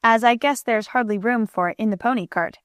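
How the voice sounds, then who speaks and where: A woman voicing a kind, cheerful aunt who speaks gently in a storybook. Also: fairly high pitch, fairly quick, no room sound, studio quality, close to an everyday voice. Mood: kindly. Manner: gentle, soothing.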